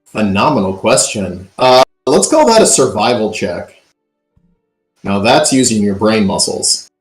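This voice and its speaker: A man's voice: on the low side, unhurried, faint music behind. A man running a tabletop game as game master, narrating loosely with frequent ums and uhs. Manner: relaxed, filler-heavy narration. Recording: echoey room.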